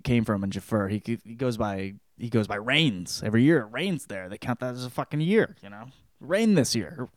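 A man's voice: medium pitch, darkish tone, no room sound, clean studio sound. A man hosting a podcast, giving a casual spoken book report in a rambling, joking way with lots of swearing. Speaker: podcast host.

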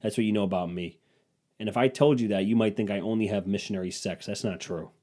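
Speaking quickly in a darkish, lower register, a young solo podcaster spins comedic tales. His delivery wanders, turns crude, and pokes fun at himself.

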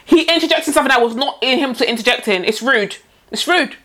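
A woman's voice: high voice, fast. A young woman chatting casually as a podcast co-host. She acts out her own replies and says yeah over and over. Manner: animated, acts out her own replies, many repeated yeahs. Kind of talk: casual chat.

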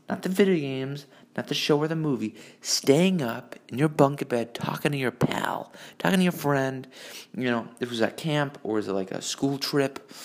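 A man recording a rambling solo rant on a phone, profane and breaking off mid-thought. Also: medium pitch. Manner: profane, rambling, self-interrupting. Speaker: vlogger.

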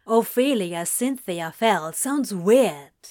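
Woman voicing a blunt grumbling husband, loud, changed tone, slow. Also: high-pitched, lively intonation. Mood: gruff. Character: blunt, grumbling adult husband and new father.

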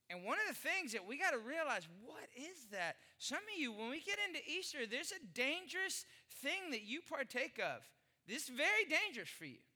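A middle-aged man from Texas preaching a sermon as a pastor, an animated, joking storyteller full of rhetorical questions. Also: very high voice, fairly quick.

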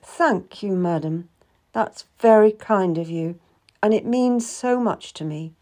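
Woman reading a smooth young guy, polite and gentle, slow, audiobook. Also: mid-range voice, lightly acted. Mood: courteous. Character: young male secretary, charming and calculating.

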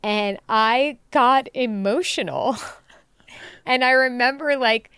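Woman podcast co-host, expressive and lively, smooth voice, dry sound. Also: fairly high pitch, takes it slowly, no echo. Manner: expressive, emotional storyteller. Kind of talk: casual chat, storytelling.

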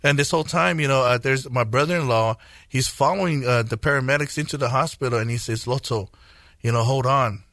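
A man in his forties, a guest minister, telling his testimony in a radio interview, earnest and halting, with many fillers and restarts. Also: mid-range voice, gravelly, bright, forceful tone, no echo, clean studio sound. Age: 40s.

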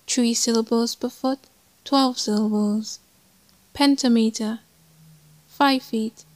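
A woman narrating a scripted poetry lesson in a measured, deliberate way. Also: fairly high pitch, no room sound, low-quality recording. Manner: measured, deliberate, even delivery. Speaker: poetry teacher.

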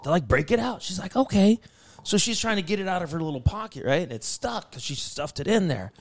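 Telling a long story on a podcast he co-hosts, this fast-talking man with a high-side voice swears freely. He's animated and casual, doing the voices of the people he quotes.

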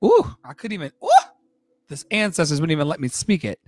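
A fairly high-voiced man co-hosting a podcast, talking in an animated, emphatic and profane way. He reads passages aloud and reacts to them loudly. The sound is close and dry. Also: brisk, no room sound. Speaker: podcast co-host. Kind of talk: casual podcast chat, reading quotes aloud.

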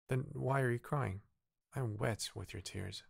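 A man voicing a small, kind-hearted male bird in a bedtime story, speaking in a curious, gentle way. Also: medium pitch, normal speed, vocal fry, husky, no echo, clean studio sound, pitched above the performer's own voice.

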